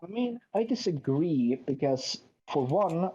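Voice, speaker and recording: A man's voice: mid-range voice, lively intonation, moderate pace, mellow. A man in a casual chat who explains his point insistently, step by step, recorded on a dull lo-fi mic. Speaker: co-host.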